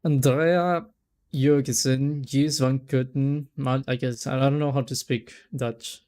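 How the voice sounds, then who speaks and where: Male streamer, mellow tone, rambling casual chat, trips over names. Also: medium pitch, steady tone, takes it slowly. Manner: rambling, stumbles over names, laughs often. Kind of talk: casual let's-play chat.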